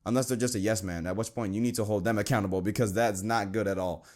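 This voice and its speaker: His voice steady, fast and a little mellow, a young Christian podcast host chats earnestly and informally. He reads passages of scripture aloud and does high-voiced takes on his friends.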